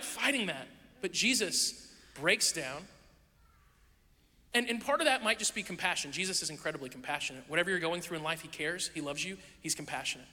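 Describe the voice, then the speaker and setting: A pastor with a high, very bright voice delivers a sermon in a conversational, storytelling way, slipping into playful asides. A man heard in a church sanctuary with a long reverb trailing his words.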